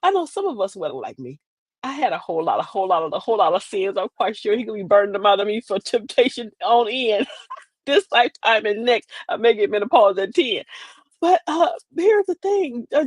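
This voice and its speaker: A woman in her forties hosts a casual livestream monologue and talks straight to her viewers. Her pitch sits fairly high and swings widely as she performs the quoted voices. The sound is dry and close. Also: lively intonation, a little fast, husky, no echo. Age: 40s. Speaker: livestream host.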